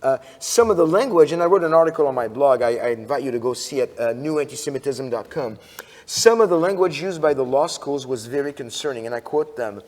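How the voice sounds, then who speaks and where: A man giving a conference talk in a church, telling stories with lively restarts and questions to the audience. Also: medium pitch, fairly quick. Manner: animated storyteller, frequent restarts, asks audience questions. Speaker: conference speaker. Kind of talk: sermon-style conference talk. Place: church sanctuary. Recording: long hall reverb.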